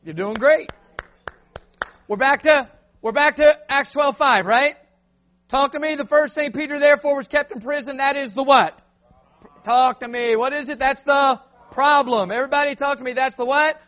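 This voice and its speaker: A man preaches an animated call-and-response sermon in a church. The recording sounds a little muffled. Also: extremely high pitch, moderate pace. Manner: animated, asks the crowd to answer back.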